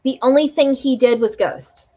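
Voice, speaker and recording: Tarot lady chatting to her live stream, bit high voice, emotional and earnest, dull lo-fi audio. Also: normal speed, dark tone. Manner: earnest and emotional, tag questions like "right?". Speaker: tarot reader. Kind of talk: live stream talk to viewers.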